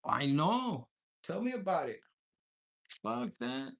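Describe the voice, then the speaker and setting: A man delivers a casual, profane tarot reading to camera, joking all the way through, using Spanish slang in his English and briefly mocking his listeners' voices. His voice runs on the high side, sing-song and fairly bright.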